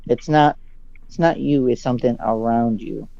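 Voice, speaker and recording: A male psychic giving a dramatic live reading over a video call. He often drops into low, hushed asides. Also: moderate pace, gravelly, no room sound, highs cut off.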